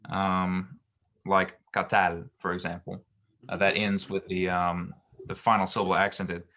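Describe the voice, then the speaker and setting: A man tutoring Hebrew grammar, explaining slowly with many ums and restarts. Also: deep voice, completely flat delivery, sharp tone.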